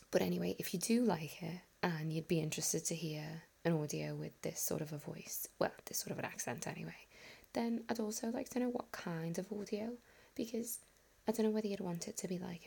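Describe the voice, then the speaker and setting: A woman from the north of England with a soft Liverpool accent, chatting in a half-whispered ASMR ramble with a self-deprecating manner. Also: fairly low pitch, creaky, husky. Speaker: ASMR audio creator.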